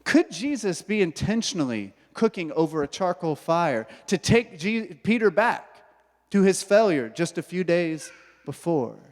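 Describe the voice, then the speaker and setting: A man preaching from the pulpit in a slightly higher voice. He tells the story with lively storytelling and acts out the characters' inner thoughts. A long hall reverb trails after his words. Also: a little slow. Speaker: pastor. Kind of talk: sermon. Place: church hall.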